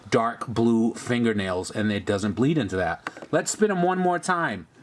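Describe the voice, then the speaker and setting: An upbeat man hosts a casual toy review at an ordinary mid-range pitch. He chats easily and explains paint and details as he turns each figure around. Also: lively intonation, measured pace, a little hiss or hum. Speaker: host of a toy review channel.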